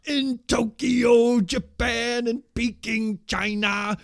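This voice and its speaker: A man voicing a bombastic male wrestling mystic, shouting a slow, theatrical promo. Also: fairly even intonation, dry recording, clean studio sound, heavily acted. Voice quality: loud booming theatrical delivery.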